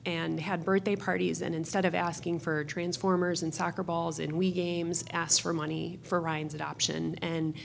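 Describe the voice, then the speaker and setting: A woman's voice: on the low side, little pitch movement, normal speed, vocal fry, hardly any pauses, a little hiss or hum. A woman in the audience, a mother, earnestly telling a story about her family with many fillers. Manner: earnest, many fillers, mimics children's voices.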